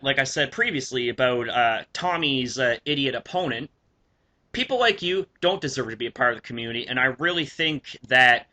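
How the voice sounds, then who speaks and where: A man's voice: mid-range voice, pushed and bright. A young man in a vlog, ranting indignantly about screenshots, swearing often and stumbling through fillers and restarts. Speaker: YouTuber. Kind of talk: ranting commentary over screenshots.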